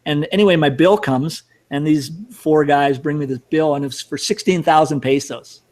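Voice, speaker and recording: A man's voice: a little high, normal speed, darkish tone. A middle-aged man casually telling a rambling, self-mocking travel story with some cursing. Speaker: storyteller host.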